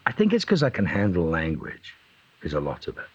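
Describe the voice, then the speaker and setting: A man with a very low, husky voice, chatting as an interview guest. He is from England and tells animated stories. He acts out the other people in his anecdotes as he goes. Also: a little fast, lo-fi sound. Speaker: guest actor. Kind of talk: conversational interview.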